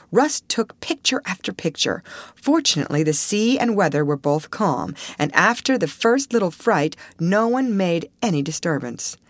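A woman narrating a vintage novel aloud in a measured, expressive storytelling manner. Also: low voice, no echo. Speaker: audiobook narrator.

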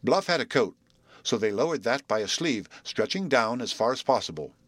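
A man narrating a storybook reading in an expressive, measured way. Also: mid-range voice, no room sound.

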